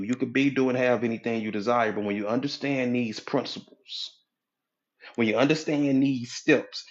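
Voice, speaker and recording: Preachy folksy man, dull lo-fi sound. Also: mid-range voice. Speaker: motivational speaker, hypnotherapy coach. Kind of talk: motivational talk in a live audio room. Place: live audio app room.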